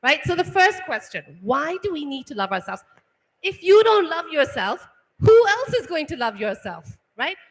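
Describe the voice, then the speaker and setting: A woman's voice: high-pitched, sing-song, moderate pace. A woman giving a motivational talk to students, firing off rhetorical questions and checking in with "right?" after each point. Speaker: workshop speaker. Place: large hall. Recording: echoey hall.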